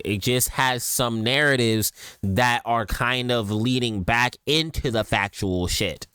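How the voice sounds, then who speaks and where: A man chatting casually as he reacts to a game trailer, loose and slangy, with sudden excited outbursts. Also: medium pitch, a little slow, clean tone, no room sound, clean studio sound. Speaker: reaction streamer.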